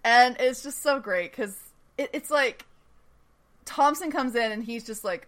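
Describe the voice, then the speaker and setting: Her voice sits on the high side, a bit bright, and she keeps a measured pace. As a podcast host, she chats through a TV episode recap with enthusiasm, frequent laughter and plenty of filler words.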